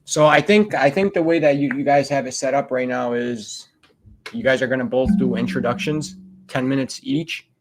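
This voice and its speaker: A man's voice: mid-range voice, normal speed, music in the background. Easygoing man moderating a debate. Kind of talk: casual chat.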